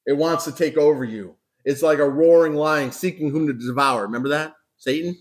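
A man's voice: fairly high pitch, brisk, few pauses. A man preaching a sermon as a pastor, talking conversationally, asking rhetorical questions and repeating words for emphasis. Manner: emphatic repetition.

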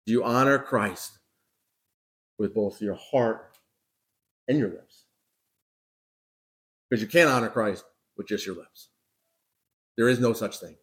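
A man's voice: lowish voice, slow pace, long pauses, fairly bright tone. A man preaching a sermon as a pastor, talking conversationally, asking rhetorical questions and repeating words for emphasis. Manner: emphatic repetition.

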